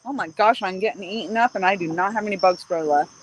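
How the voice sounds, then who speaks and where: A woman's voice: medium pitch, fast, slight background noise, poor audio. A woman hosting a fishing livestream from a riverbank, chatting casually and rambling cheerfully. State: out of breath. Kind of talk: casual live-stream chat. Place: outdoors on a riverbank at dusk, crickets behind.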